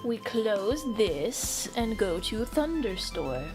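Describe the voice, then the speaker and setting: A woman's voice: medium pitch, big pitch swings, takes it slowly. A young woman streamer from the American South, chatting casually with her viewers and thinking aloud. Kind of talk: casual chat with live viewers. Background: faint background music.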